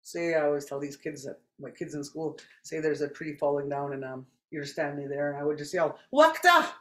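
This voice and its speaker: A language teacher from Saskatchewan, Canada, giving a spoken lesson and repeating each word slowly and deliberately. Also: medium pitch, flat delivery, darkish tone, echoey room.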